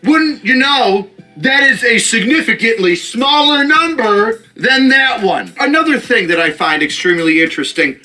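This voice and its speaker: A man's voice: very high-pitched, animated, normal speed, pushed and bright, faint music behind. A man giving sarcastic, mock-dramatic commentary on a news story.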